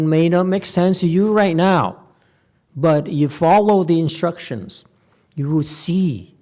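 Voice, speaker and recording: Slow, lively-voiced man teaching in a temple. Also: a little high. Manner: checks in with listeners with "okay?" and "hmm?"; halting restarts, playful asides. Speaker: Buddhist master giving a sutra lecture. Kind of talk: conversational Dharma lecture. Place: temple lecture hall.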